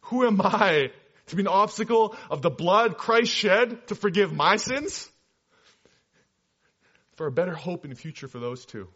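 An older, gracious father speaks slowly and solemnly, as his son puts him on. His voice sits higher and sounds a little distant from the rest. The recording is dull and lo-fi. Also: animated, a bit bright, breathy edge, exaggerated voice. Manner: slow, solemn, emphatic.

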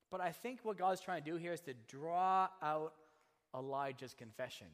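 A pastor in his thirties preaches a sermon built around a personal story, animatedly acting out the voices of the people he quotes. His pitch is fairly high, his pace moderate, and the recording carries hall reverb.

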